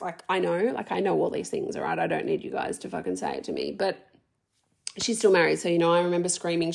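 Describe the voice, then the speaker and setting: This thirty-something female vlogger speaks in a creaky, middle-pitched voice. Her personal video is raw and emotional, heavy with profanity, filler words, rambling, and false starts.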